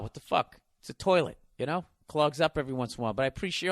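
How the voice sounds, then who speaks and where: A man's voice: a little high, lively intonation, fast, fairly bright tone, no room sound, studio quality. A man in his forties doing stand-up comedy, telling a story in a profane, ranting way. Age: 40s. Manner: profane, ranting, mimics others in bits.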